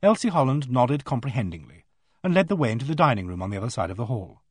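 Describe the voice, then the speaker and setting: A man's voice: mid-range voice, sing-song, fast talker, slightly rough, no echo, studio quality. A man narrating an audiobook in a composed first-person storytelling manner.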